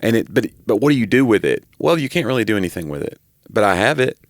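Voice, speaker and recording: A man's voice: on the low side, sing-song, very fast, no room sound, clean studio sound. A man co-hosting a podcast, rambling through stories in casual chat with a self-deprecating streak. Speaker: podcast co-host.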